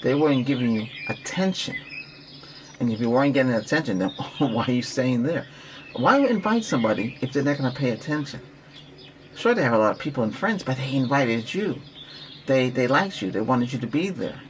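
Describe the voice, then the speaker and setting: A man who practices Reiki, giving a rambling relaxation talk with breathing guidance, repeating himself and coaching gently. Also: medium pitch, expressive, a little fast, a little hiss or hum.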